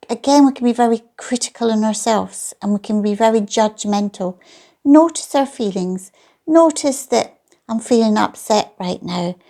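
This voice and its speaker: A middle-aged woman talks gently about self-care, slowing down and repeating her main points. Her voice is mellow and low in brightness, with a noticeable gravelly fry at the ends of phrases. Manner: calm, reassuring, repeats key points slowly. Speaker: lifestyle channel host.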